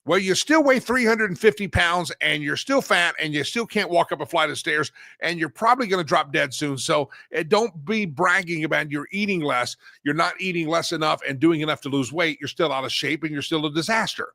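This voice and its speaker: Man, talk show host, animated storyteller, fairly high voice, dry sound. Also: a little fast, hardly any pauses, no echo. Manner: animated storyteller, laughs often, swings loud. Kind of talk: casual talk show banter.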